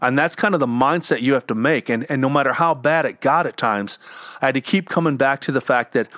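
A man's voice: medium pitch, fairly quick, a bit bright, no echo, studio quality. A middle-aged man talking candidly at home about getting through illness, earnest and often repeating words as he goes. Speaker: cancer survivor and entrepreneur sharing advice. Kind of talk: candid personal talk. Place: home with dogs.

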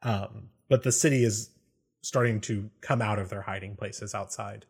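A man's voice: on the low side, steady tone, moderate pace, vocal fry, a little mellow, slightly rough. A man narrating as game master of a tabletop game, casual with many fillers. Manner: casual, many ums and likes.

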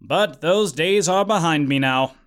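A man's voice: on the high side, measured pace, smooth, close to an everyday voice. A man voicing a clueless, easygoing would-be professor who talks in an offhand, rambling way. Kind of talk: audiobook character voice.

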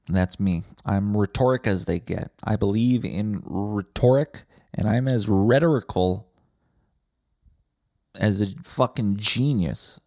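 A man's voice: lowish voice, slow pace, vocal fry, darkish tone, dry recording. A man hosting a podcast, delivering a rambling, profane, sarcastic comedic monologue on a close mic. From Winnipeg, Canada. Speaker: podcast host.

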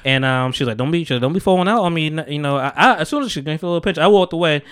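A man's voice: fairly high pitch, very fast, smooth. A young man hosting a podcast, telling a story in casual chat and acting out the people in it. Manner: animated storyteller acting out quotes. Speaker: podcast host.

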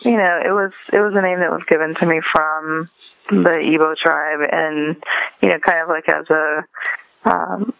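Soft-spoken woman on a dull phone line. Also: sits low, fairly even intonation, normal speed, vocal fry. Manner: hesitant, soft, many fillers. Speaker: author and guest. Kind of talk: interview over a phone call.

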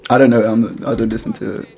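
A man's voice: fairly low pitch, level tone, moderate pace, gravelly, a little mellow, a little hiss or hum. A young man hosting a casual radio chat, telling stories in a slangy, laid-back way and laughing as he talks. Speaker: radio host.

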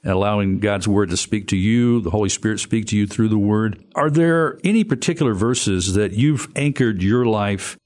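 Measured man hosting a faith interview. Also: fairly low pitch, a little mellow. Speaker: host.

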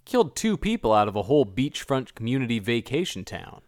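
A man in casual podcast chat, telling animated stories about a film. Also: medium pitch, brisk, no echo, clean studio sound. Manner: animated storyteller, mimics voices in anecdotes.

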